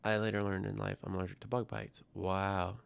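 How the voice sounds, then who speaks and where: This young male science livestreamer has a lowish, gravelly but clean-toned voice that moves little in pitch and runs fairly quick. Casual and rambling, he reads viewer comments aloud and teases himself.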